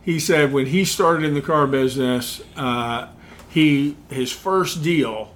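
A middle-aged man co-hosting a podcast, telling a story in casual chat and acting out the people in it. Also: slow pace. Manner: animated, acts out quoted voices with rising pitch. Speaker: podcast co-host.

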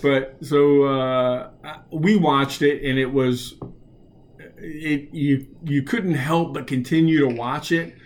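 A man in casual conversation, telling anecdotes in a halting way with many pauses and chuckles. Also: a little high, fairly even intonation. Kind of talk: casual chat.

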